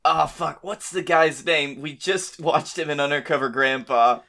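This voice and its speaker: A man co-hosting a comedy podcast, pitching ideas in a laid-back way with some swearing. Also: measured pace, vocal fry, pushed and bright. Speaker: podcast co-host.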